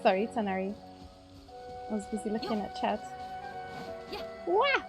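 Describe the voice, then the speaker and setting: A woman's voice: medium pitch, little pitch movement, fairly quick, over music. A South African woman with a South African accent, livestreaming and chatting casually with her viewers, bubbly and giggly and greeting each chatter by name. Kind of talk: casual chat with stream viewers.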